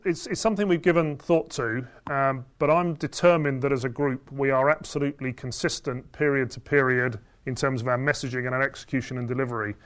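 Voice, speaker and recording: A man, a company chief executive, answering analysts in a results Q&A, measured and often restarting phrases. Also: medium pitch, fairly even intonation. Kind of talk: results presentation Q&A.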